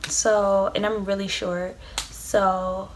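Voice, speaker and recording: Slight background noise sits under this young adult woman's storytime vlog, where she rambles, curses and leans heavily on "like." Her mid-range voice stays level and she takes it slowly.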